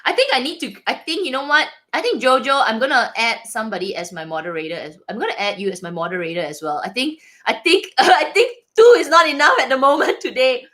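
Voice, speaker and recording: A woman chatting through a casual livestream Q&A, her voice a little high and swooping all over with excitement. She giggles a lot and keeps restarting her sentences. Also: fast talker, few pauses. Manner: animated and giggly, often laughing. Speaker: livestream host reading viewer chat. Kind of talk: casual live Q&A chat.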